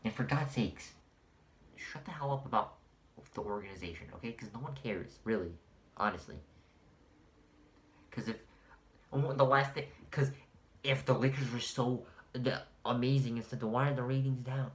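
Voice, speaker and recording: A man with a mid-range voice rants as a sports vlog host, swinging between muttered irritation and sudden shouted disbelief. He swears freely and mocks rival fans in put-on voices. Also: mid-range voice, normal speed. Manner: exasperated, profane ranting with mocking voices and sudden shouted outbursts. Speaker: sports commentator. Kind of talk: ranting vlog monologue.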